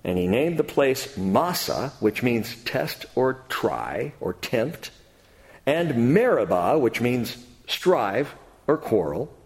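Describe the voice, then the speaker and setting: Animated preacher man in a reverberant hall. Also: slow. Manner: animated preaching, rising to near-shouts then dropping low. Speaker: pastor. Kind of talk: sermon.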